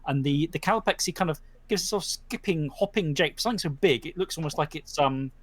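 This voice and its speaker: A man's voice: on the high side, fairly quick. A man narrating a tabletop game as game master, rambling and full of fillers. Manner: rambling, animated, many fillers.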